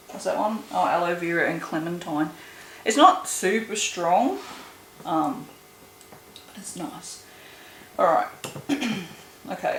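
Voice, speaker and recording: A woman's voice: fairly low pitch, fairly bright tone. A woman making soap at home, chatting casually and groaning and swearing in disgust at a smell. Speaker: soap maker. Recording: echoey room with noise.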